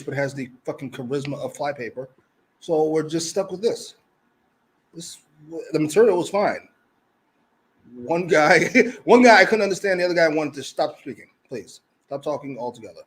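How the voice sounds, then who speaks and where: A man's voice: on the high side, normal speed, husky. A man co-hosting a wrestling review show, casual and heated, arguing and swearing in exasperation. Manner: exasperated, profane, argumentative. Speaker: co-host.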